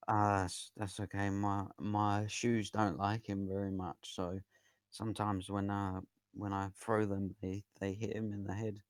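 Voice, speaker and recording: A man's voice: fairly low pitch, little pitch movement, a little slow, no echo, clean studio sound, natural voice. A man voicing a small, twitchy, nervous male goblin who talks hesitantly. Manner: hesitant, mumbling.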